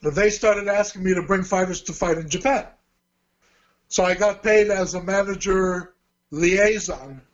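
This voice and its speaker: A man's voice: high voice, unhurried. A man with an Australian accent, telling stories in an interview and acting out the dialogue of the people in them. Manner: lively anecdote teller who acts out quoted dialogue. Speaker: interview guest, former event promoter. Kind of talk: storytelling interview. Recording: dull lo-fi recording.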